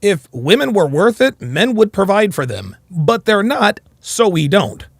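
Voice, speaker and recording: A man's voice: high voice, big pitch swings, a little slow, dry recording. Blunt mocking male podcast host. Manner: blunt, mocking, reads super chats aloud. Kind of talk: casual podcast chat.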